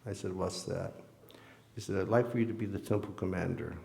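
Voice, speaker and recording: A man's voice: low-pitched, fairly even intonation, fairly quick, gravelly, background noise. A man giving a temple sermon, telling a personal story and acting out the voices of the people in it. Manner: storytelling, acting out quoted dialogue. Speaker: temple lecturer. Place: temple hall. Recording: echoey hall.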